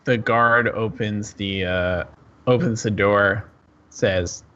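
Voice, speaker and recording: A man's voice: on the low side, fairly even intonation, slow, sharp tone, muffled recording, slight background noise. A man narrating as game master of a tabletop game, with hesitant, stammering narration.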